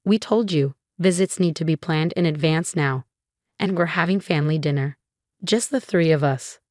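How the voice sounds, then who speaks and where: A woman voicing a remorseful middle-aged husband who talks low and hushed. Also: normal speed, dry recording, studio quality, lightly acted. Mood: firm.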